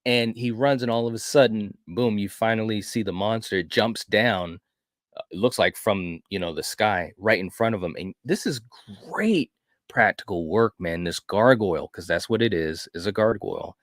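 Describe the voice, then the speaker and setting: Man, low voice, dry close sound, casual film recap, animated storyteller, stumbles and restarts. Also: normal speed, no echo. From grew up in a city. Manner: animated storyteller, frequent restarts and "you know". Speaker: film review podcast host. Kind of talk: casual retelling of a horror film.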